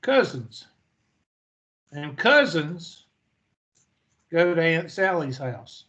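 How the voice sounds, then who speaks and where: A male math instructor with a slightly higher-than-usual voice lectures in a folksy, storytelling manner, posing questions and answering them himself. He speaks very slowly with big pitch swings and a bright, forceful tone, and the recording's highs are cut off.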